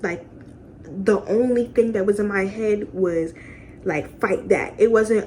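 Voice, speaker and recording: A young woman telling a story casually at home, animated and profane, repeating phrases for emphasis. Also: medium pitch, slow pace, slight background noise. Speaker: vlogger. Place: home, indoors.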